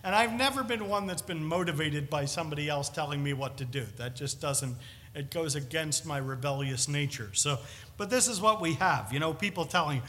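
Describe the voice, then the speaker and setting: A man preaching a sermon in a chapel, conversational and animated, with jokey asides. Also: a little high, fairly quick. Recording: long reverb of a large chapel.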